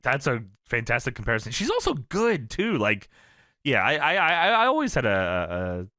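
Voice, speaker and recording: A man's voice: mid-range voice, moderate pace, no echo, studio quality. A man co-hosting a casual wrestling chat, retelling scenes and acting out quotes with lots of laughing and swearing. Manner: animated, laughs often, swears. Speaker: podcast co-host recapping wrestling.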